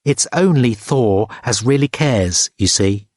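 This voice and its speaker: A man voicing a taciturn, gruff old man at a feast, grumbling in short phrases for an audiobook. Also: mid-range voice, expressive, slow pace, darkish tone, dry recording, clean studio sound. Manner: laconic, grumbling.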